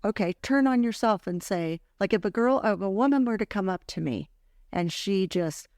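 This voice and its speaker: A woman of medium pitch, with lively intonation and a darkish tone, tells a personal story at a moderate pace as host of a casual faith podcast. She sounds earnest and heartfelt, and the clean studio audio has no echo.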